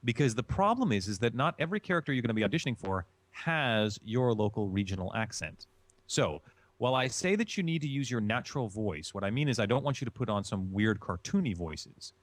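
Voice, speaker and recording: Male interview guest, animated delivery, dry close sound, emphatic teacher manner. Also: medium pitch, fairly quick, dry recording. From Chicago. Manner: emphatic, explanatory, repeats key phrases. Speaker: voice-acting guest. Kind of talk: instructive interview answers.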